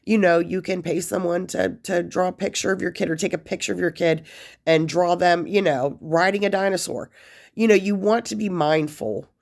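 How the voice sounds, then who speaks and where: A woman's voice: lowish voice, normal speed, darkish tone. Rambling, emotional woman vlogger. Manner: rambling, many fillers and restarts; emotional, close to tears at times. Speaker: vlogger sharing life after prison. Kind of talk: casual advice talk to camera.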